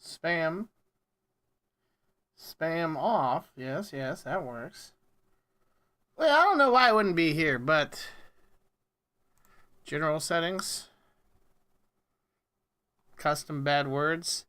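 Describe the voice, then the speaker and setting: A man streams prank phone calls from his desk setup, joking loosely with his viewers. His voice is bright and lively, leaping around in pitch. He talks at an unhurried pace and mutters to himself as he tinkers with settings. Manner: jokey, mutters to himself while fiddling with settings. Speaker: livestreamer making prank calls. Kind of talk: casual livestream prank calls and chat.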